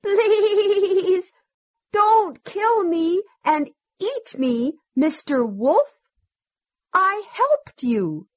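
A woman's voice: very high-pitched, big pitch swings, very slow, no room sound, exaggerated voice. A woman doing a timid pleading storybook sheep.

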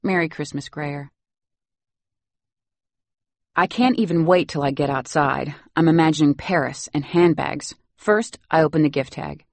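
A woman narrating a novel in the first person, wry and lively. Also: low-pitched, moderate pace, vocal fry, hardly any pauses, dry recording. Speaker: audiobook narrator.

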